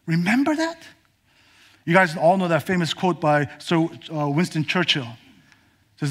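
A male preacher with a high voice delivers a sermon dramatically. He swings between emphatic declarations and near-whispers. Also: animated, moderate pace, long pauses, slightly rough.

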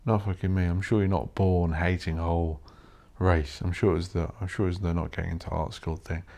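A man's voice: low-pitched, level tone, fairly quick, vocal fry, warm tone. A man hosting a solo podcast, rambling and ranting with plenty of swearing. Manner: swears a lot, rants and mocks posh voices. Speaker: podcast host.

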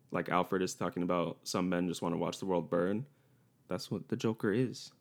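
A young man co-hosting a podcast, chatting casually and rambling, laughing often. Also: low voice. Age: young adult. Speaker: podcast co-host. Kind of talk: casual chat.

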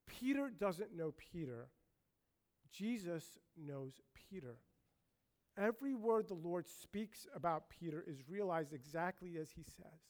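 A man's voice: fairly high pitch, expressive, measured pace. A male pastor giving a conversational, emphatic sermon.

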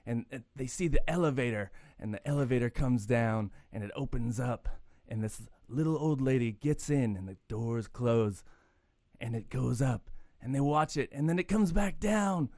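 A man's voice: mid-range voice, expressive, normal speed, a little mellow, dry recording. Dry-miked man telling rambling jokes. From Irish heritage. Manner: rambling storyteller, laughs at his own jokes. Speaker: podcast host. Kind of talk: casual chat, telling jokes.

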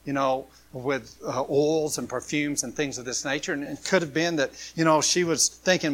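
A man preaching a sermon, swinging from loud, impassioned passages to hushed ones. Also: fairly high pitch, steady tone, normal speed, hardly any pauses. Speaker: pastor.

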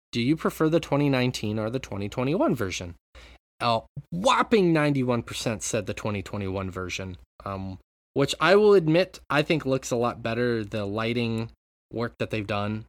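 A man's voice: mid-range voice, no echo. A man hosting a casual podcast chat, laughing often and steering the segments. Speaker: podcast host.

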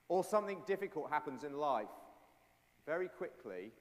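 Man, preacher, animated sermon, playful with kids, long hall reverb. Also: fairly high pitch, normal speed. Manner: animated, playful with children, acts out voices of doubters. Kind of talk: sermon with children's object lesson.

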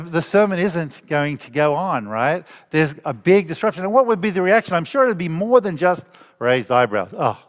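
A middle-aged man, a pastor, preaching a sermon in a church with a conversational storytelling manner and rhetorical questions. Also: medium pitch. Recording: long hall reverb.

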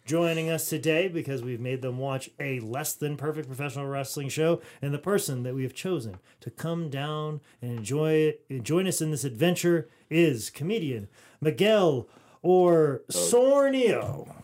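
A man hosting a casual podcast from his home studio, loud and joking, swearing freely as he talks. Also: a little high, normal speed. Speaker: podcast host.

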